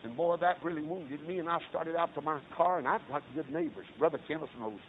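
A middle-aged Baptist preacher, telling stories in a sermon and swinging from low talk to loud shouted peaks. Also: male voice, expressive, fairly quick. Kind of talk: storytelling sermon. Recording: tinny lo-fi recording with faint hiss.

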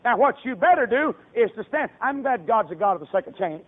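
A man's voice: very high-pitched, big pitch swings, a little fast. A man preaching a sermon in a folksy way, acting out the voices of people in his stories. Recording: tinny phone-like radio broadcast.

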